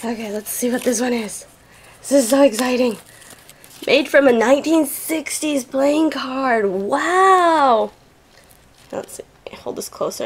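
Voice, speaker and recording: A woman's voice: on the high side, husky. A young woman hosting a toy channel, gushing and giggling as she unboxes a package at home on camera. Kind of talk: excited unboxing chat.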